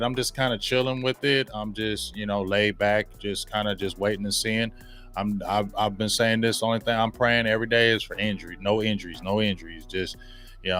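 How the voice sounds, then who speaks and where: A man hosting a sports podcast, talking in a casual, slangy, animated way and laughing often. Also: on the low side. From Ohio. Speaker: podcast host.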